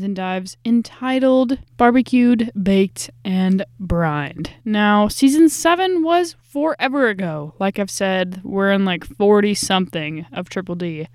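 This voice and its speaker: A woman's voice: medium pitch, darkish tone, smooth, no room sound, clean studio sound. A young woman hosting a casual food review podcast from her closet, chatty and slangy, tired and stressed. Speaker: podcast host. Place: small closet. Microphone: podcast microphone.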